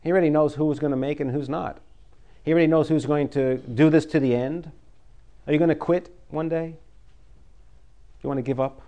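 A man's voice: fairly high pitch, steady tone, a little fast, pauses often, mellow. A man preaching a sermon, folksy and conversational, reading scripture and pressing his listeners with urgent emphasis.

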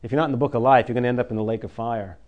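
A man's voice: medium pitch, fairly even intonation, racing, highs cut off. A man preaching a sermon, folksy and conversational, reading scripture and pressing his listeners with urgent emphasis.

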